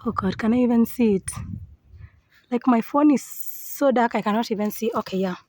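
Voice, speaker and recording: A woman's voice: a little high, moderate pace, warm tone. A young woman talking casually to her viewers on a phone camera outdoors in a village compound, chatty and playful. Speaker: vlogger. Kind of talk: casual vlog talk to camera.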